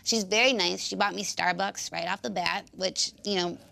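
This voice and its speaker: A woman's voice: medium pitch, steady tone, moderate pace, creaky, sharp tone. A young woman guest with an unusual speaking voice, chatting casually in an interview and restarting her sentences with fillers. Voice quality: unique speaking voice.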